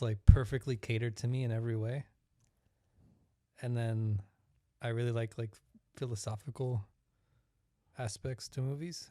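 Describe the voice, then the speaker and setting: A man's voice: mid-range voice, dark tone, no room sound, studio quality. A man co-hosting a casual movie review podcast, laid-back and playful, laughing often. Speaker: podcast co-host.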